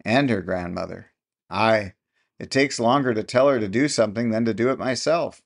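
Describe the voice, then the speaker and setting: Man doing a gruff, grumbling old farmer. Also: lowish voice, moderate pace. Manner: blunt, grumbling rustic speech. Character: gruff, impatient older farmer husband.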